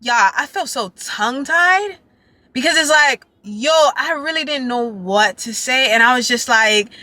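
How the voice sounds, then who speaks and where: A young woman tells a story to her camera in a bright, slightly high voice. She rambles with excitement and keeps reaching for "like" and "y'all" as she goes. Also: unhurried, no room sound. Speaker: dance vlogger. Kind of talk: casual storytelling vlog.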